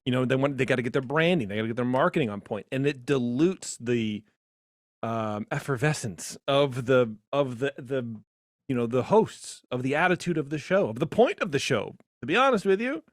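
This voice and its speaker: An animated man co-hosting a podcast, chatting in an opinionated, casual way and jumping into high mocking voices. His pitch sits in the middle, and the sound is dry and close. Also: normal speed, no room sound. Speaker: podcast co-host.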